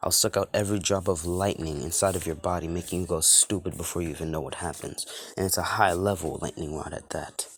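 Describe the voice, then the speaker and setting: A man's voice: sits low, fairly even intonation, quick pace, few pauses, a little hiss or hum. A man voicing a smug, cocky teenage boy who taunts everyone around him.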